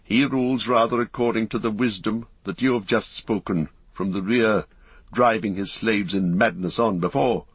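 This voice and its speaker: A man voicing an old male wizard, grave and commanding, with a measured, solemn delivery. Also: lowish voice, husky, dry recording, lo-fi sound. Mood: calm.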